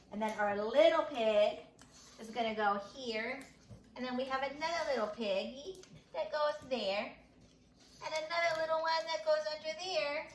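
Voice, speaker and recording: A woman teaching a preschool lesson at home, talking slowly and sing-song to small children. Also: high voice, echoey room, a little hiss or hum, low-quality recording. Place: home room.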